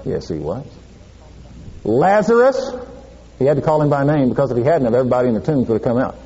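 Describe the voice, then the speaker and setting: A man's voice: medium pitch, expressive, racing, mellow, lo-fi sound, slight background noise. A male preacher giving a sermon, asking the congregation questions and answering them himself.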